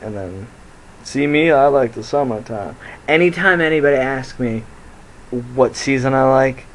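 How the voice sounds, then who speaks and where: A man's voice: mid-range voice, moderate pace, slight background noise, poor audio. A young man telling a rambling, profane story into his phone and laughing at his own jokes. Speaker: vlogger. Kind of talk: casual storytelling to camera.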